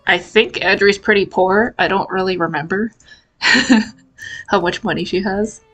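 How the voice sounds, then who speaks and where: A woman's voice: medium pitch, fairly even intonation, measured pace, a bit bright, muffled recording, faint music behind. Tentative mid-voiced woman player. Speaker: tabletop player. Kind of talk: casual game chat.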